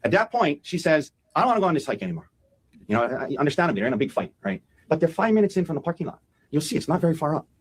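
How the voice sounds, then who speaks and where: A man talking quickly in a husky, slightly raised voice. He lays out an opening statement to a jury in an animated way and acts out what people said as he goes. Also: fairly high pitch, poor audio. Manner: fast, animated, acts out quotes. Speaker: defense attorney.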